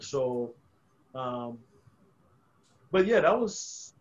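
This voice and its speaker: A man's voice: on the high side, normal speed, highs cut off. A man guesting on a podcast, telling stories in a casual, profane, rambling way with frequent restarts. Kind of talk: casual storytelling.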